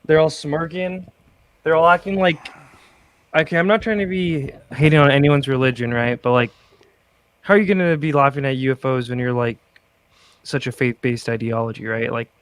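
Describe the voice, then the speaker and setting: A man's voice: mid-range voice, fairly even intonation, moderate pace, clean tone. A man hosting a podcast in chatty casual talk, full of likes and rhetorical tags. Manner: chatty, filler-heavy. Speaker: podcast host. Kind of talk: casual chat.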